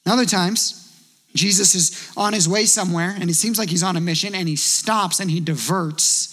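A man preaching a sermon in a conversational, animated way, telling stories and quoting voices as he goes. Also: high voice, moderate pace, big-room sound. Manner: conversational, animated storytelling with acted quotes. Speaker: pastor.

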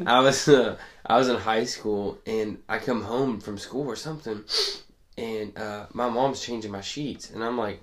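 A man's voice: fairly low pitch, normal speed, a little hiss or hum. A young man telling stories in a casual podcast chat, rambling and laughing often. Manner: laid-back rambling storyteller, laughs often. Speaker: podcast co-host.

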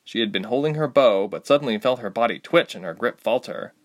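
Male audiobook narrator, animated pitch, steady scripted delivery. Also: fairly quick.

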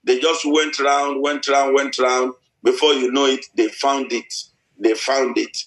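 A man's voice: medium pitch, level tone, unhurried. A middle-aged man preaching a sermon, repeating himself with many hesitant restarts. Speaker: pastor. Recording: echoey church hall.

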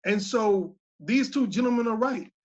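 Husky-voiced man, former teacher, lively storyteller, slightly dull audio. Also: sits high, moderate pace. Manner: animated storyteller, acts out quoted voices loudly. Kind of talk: casual storytelling on a panel.

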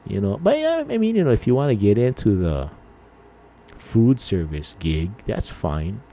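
Laid-back low-voiced man rambling. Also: big pitch swings, normal speed, mellow, a little hiss or hum. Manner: laid-back, rambling, mild swearing, lots of "man" and "you know". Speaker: podcast host. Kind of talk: casual rambling chat.

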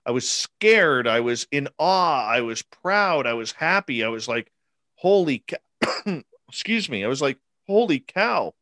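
A man's voice: medium pitch, expressive, normal speed, bright, forceful tone, no room sound. A man in his forties, recounting an encounter as an interviewee, emphatic and repetitive, acting out the quotes. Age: 40s. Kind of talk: animated personal storytelling.

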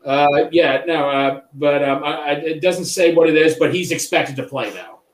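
Man, podcast co-host, halting delivery, echoey room. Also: fairly high pitch. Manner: hesitant, reads out news and posts. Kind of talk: casual sports podcast chat.

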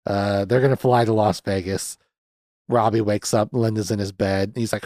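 A man's voice: lowish voice, steady tone, moderate pace, darkish tone, dry recording, clean studio sound. A young man hosting a podcast, recapping a film in a casual, sardonic way, swearing freely with lots of fillers. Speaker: podcast host reviewing a movie.

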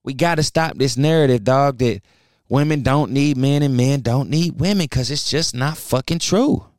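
A man's voice: medium pitch, normal speed, a little mellow, no echo, clean studio sound. A young man hosting a podcast, ranting bluntly and profanely, heated and preachy. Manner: heated, fired up. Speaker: podcast host. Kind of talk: ranting solo podcast talk.

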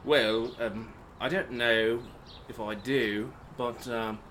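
A man's voice: mid-range voice, steady tone, slow, fairly bright tone, slight background noise. A man, a podcast guest, chatting casually in a put-on Cockney accent and playing with voices.

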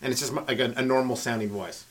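A man doing a rambling stand-up comedy monologue on his podcast, riffing with frequent asides to the listener and swinging between loud and hushed delivery. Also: medium pitch, fairly even intonation, fast. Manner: riffing, talks to listener with frequent "right?" and "you know".

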